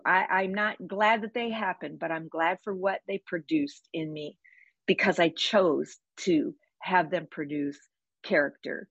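Emphatic woman guest with a husky voice. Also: on the low side, dry recording, lo-fi sound. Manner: energetic, emphatic, plainspoken with vivid sayings. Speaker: podcast guest. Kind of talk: conversational interview.

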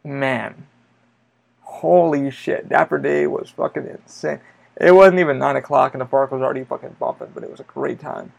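Gravelly man rambling on a podcast. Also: medium pitch, fairly even intonation, normal speed. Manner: rambling, heavy swearing and filler "like". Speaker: podcast host. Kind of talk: casual storytelling monologue.

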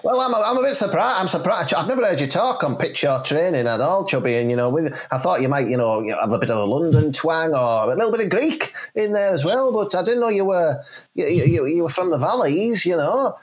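A man's voice: animated, brisk, close to an everyday voice. A man playing a blunt, sweary older football manager in a comedy sketch. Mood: mocking. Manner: blunt, sweary, swings up and down in pitch.

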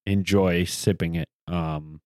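A man's voice: deep voice, fairly even intonation, takes it slowly, darkish tone, clear, resonant tone, no room sound, clean studio sound. Blunt, joking male podcast co-host. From American South. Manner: blunt, joking, profane banter. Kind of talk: casual chat.

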